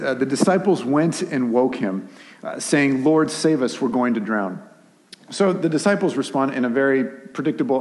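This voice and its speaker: Man preaching in a reverberant hall. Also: mid-range voice. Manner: conversational, animated retelling with voiced asides. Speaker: pastor. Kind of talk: sermon. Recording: long reverb of a large hall.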